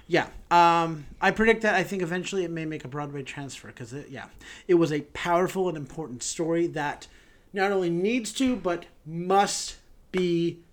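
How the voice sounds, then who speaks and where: A man's voice: a little high, expressive, a little fast. A man co-hosting a podcast, gushing emphatically about a show and reading the sign-off. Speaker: podcast co-host. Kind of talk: casual theater review chat.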